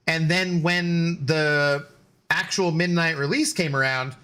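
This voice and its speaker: A man's voice: on the high side, steady tone, slow, bright, forceful tone, clean tone. A man in his forties streaming a game and rambling through stories in casual chat, loose with fillers and swearing.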